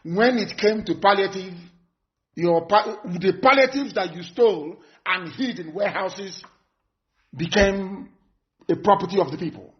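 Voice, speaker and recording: A man's voice: sits high, measured pace. A man, a movement leader, giving a live broadcast address in an emphatic, threatening way, repeating his warnings over and over. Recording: dull lo-fi broadcast audio.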